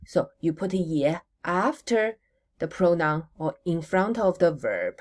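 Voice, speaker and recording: Woman language teacher, deep-pitched, slow and patient, drills words and answers her own prompts. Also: expressive. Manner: models words slowly for repetition, asks questions and answers them herself. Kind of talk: recorded language lesson.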